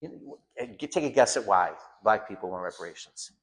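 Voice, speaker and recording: A man's voice: on the low side, expressive, normal speed. A man giving an informal home school lecture, blunt and emphatic, often repeating phrases for stress.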